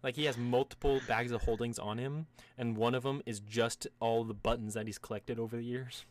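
A man's voice: mid-range voice, fairly even intonation, brisk. A man in casual chat, telling stories animatedly, swearing freely and acting out quoted characters.

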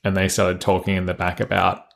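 A man co-hosts a casual podcast. His voice is fairly low for a man. He rambles through anecdotes, stopping often on "um" and "like". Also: completely flat delivery, a little fast, gravelly, a bit bright. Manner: rambling retelling with many "um" and "like" fillers. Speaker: podcast co-host. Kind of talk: casual chat, storytelling.

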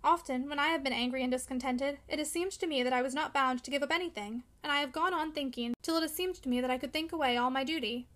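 A woman reading the part of an earnest young woman who speaks with sorrowful gentleness. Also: high-pitched, quick pace, few pauses. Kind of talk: audiobook character reading.

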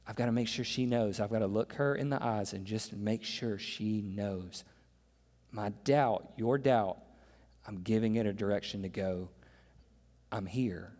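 A pastor with a medium-pitched, darkish voice preaches an impassioned sermon, throwing rhetorical questions to the congregation. Long hall reverb surrounds him, with faint music in the background.

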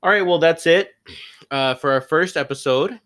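A man's voice: on the high side, moderate pace, fairly bright tone. A young man co-hosting a film podcast, retelling a movie plot in a loose, chatty way with casual swearing. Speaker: podcast co-host. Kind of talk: casual chat.

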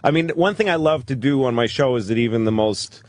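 A man's voice: mid-range voice, animated, a little fast, no echo. A man, a comedian and creator of his own show, talking as a guest in a casual podcast chat, blunt and profane, often laughing.

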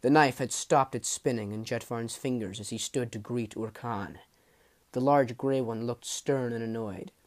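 A man narrating a fantasy audiobook in a measured, dramatic way, dropping low at the ends of phrases. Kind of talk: storybook narration.

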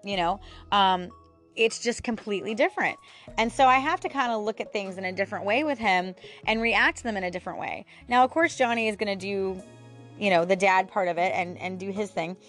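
A woman in her thirties talks through a casual solo podcast episode, chatty and candid, and she often stops on fillers and small laughs. Her voice sits at an ordinary middle pitch, and soft music plays faintly behind her. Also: fairly quick. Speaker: podcast host.

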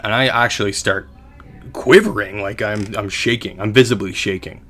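A young Canadian man spins a casual podcast story, stumbling over restarts and poking fun at himself. His voice sits a little low, and he talks like a co-host chatting with a friend. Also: normal speed, fairly bright tone. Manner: rambling, self-deprecating, with many restarts.

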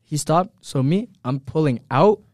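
Young male podcast co-host, slangy storyteller, slightly higher voice, dry sound. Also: measured pace, no echo. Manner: animated storytelling, slangy and profane. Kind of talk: casual group chat.

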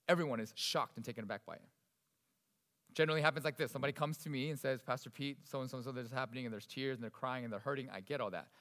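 A male pastor delivering a sermon, swinging between loud emphasis and hushed, soft passages. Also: medium pitch, long reverb tail.

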